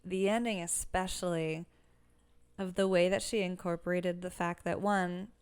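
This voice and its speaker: Young woman, casual book chat, filler-heavy, lower pitch, clean dry sound. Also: fairly even intonation, moderate pace, a little mellow, clear, resonant tone, dry recording. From Los Angeles area. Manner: chatty, lots of "like" fillers. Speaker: podcast co-host.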